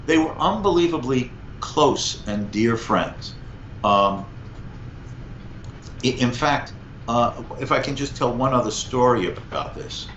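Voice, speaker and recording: A man in his sixties, a guest professor, telling historical anecdotes in an animated conversational interview. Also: mid-range voice, takes it slowly, slight background noise. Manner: animated anecdote teller, lively vocal emphasis. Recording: echoey, slightly muffled room.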